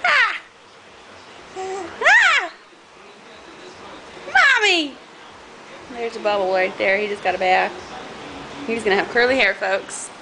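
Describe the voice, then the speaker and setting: A mother filming her babies at bath time on a home camcorder coos to them in sing-song baby talk. Her voice is medium-pitched, brisk and fairly even, with vocal fry, and the camcorder audio is noisy.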